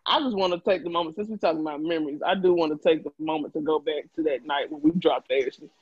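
Male podcast co-host, playful storyteller with a high voice, dull recording. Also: quick pace, slightly rough, dry recording. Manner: animated, joking storytelling. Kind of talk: casual chat among friends. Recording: dull lo-fi sound.

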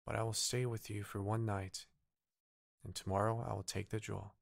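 A man voicing a small, kind-hearted male bird in a bedtime story, speaking in a curious, gentle way. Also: lowish voice, flat delivery, moderate pace, gravelly, no room sound, clean studio sound.

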